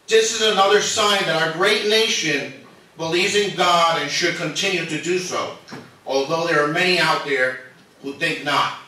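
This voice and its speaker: Speaking during public comment at a meeting, a resident with a fairly high, bright, forceful voice talks at normal speed. His statement is formal and earnest but nervous and emotional as he defends himself, recorded from far off in an echoey hall.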